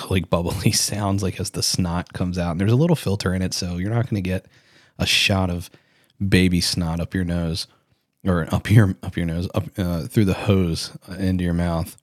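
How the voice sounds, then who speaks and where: Male podcast host in his thirties, deep voice, loose self-correcting storyteller, dry close mic. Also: steady tone, moderate pace, no echo. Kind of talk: casual solo podcast talk.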